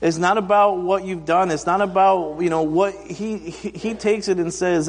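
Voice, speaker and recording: A man in his thirties gives a conversational sermon, his voice sitting a little high. He slips into funny quoted voices as he tells stories. The sound carries a long reverb from a large hall. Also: fairly even intonation, moderate pace. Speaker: pastor.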